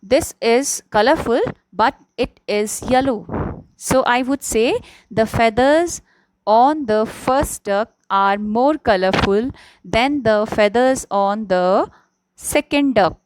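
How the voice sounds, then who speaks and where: A young adult woman who teaches English gives a slow, simple explanation in an online class, patiently repeating key words and often checking in with "okay?". Her voice is a little high, she takes her time, and the audio is poor.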